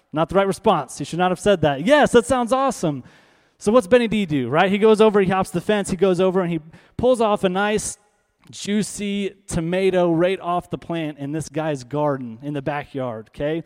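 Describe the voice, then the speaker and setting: A man preacher telling a story in an animated, conversational way, often asking the audience "right?", in a church auditorium. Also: high voice, moderate pace, long reverb tail. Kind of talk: storytelling sermon.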